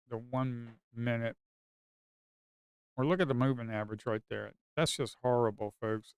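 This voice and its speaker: A man talks through his trades live, complaining about a stuck market and calling out to his viewers. His voice is smooth and clear at an ordinary pitch. The recording is dry and close. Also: dry recording. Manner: grumbling, talks to viewers as folks, sudden excited outbursts. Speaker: day trader streaming live. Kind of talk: casual live market commentary.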